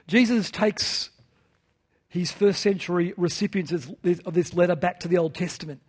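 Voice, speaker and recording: High-pitched guy preaching at church, earnest, lots of questions thrown at the congregation. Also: moderate pace, darkish tone, husky. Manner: earnest, with rhetorical questions and repeated phrases. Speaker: pastor. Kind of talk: sermon.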